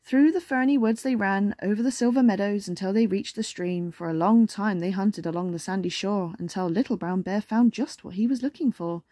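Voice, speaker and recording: A woman reading a bedtime story aloud at home in a lively, cheerful voice. Her pitch sits in the middle range. The recording is dry and close. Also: brisk, few pauses, dry recording.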